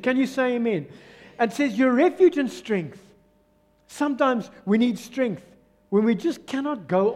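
South African pastor preaching in a reverberant hall. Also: male voice. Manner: switches between loud exclamations and soft low asides. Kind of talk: sermon. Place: church hall.

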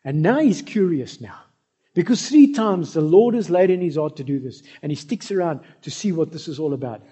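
Husky-voiced preacher. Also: male voice, on the high side, lively intonation, moderate pace, mellow. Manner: storytelling, addresses the congregation directly. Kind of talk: sermon.

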